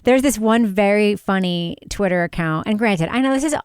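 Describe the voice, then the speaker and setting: Sarcastic woman podcaster, smooth dry voice. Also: mid-range voice, moderate pace, no room sound. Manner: animated, sarcastic, mimics people in quoted voices. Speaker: podcast co-host; journalist. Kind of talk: casual chat.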